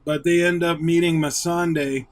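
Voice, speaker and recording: A man hosting a casual recap of a TV episode, retelling scenes with eager excitement. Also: a little high, normal speed. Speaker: YouTube show host.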